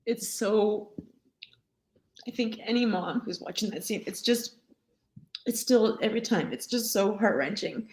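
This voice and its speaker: A woman hosting a webinar, introducing a film clip and asking a guest questions in a measured way. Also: mid-range voice, a little mellow. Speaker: webinar host. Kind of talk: webinar moderation.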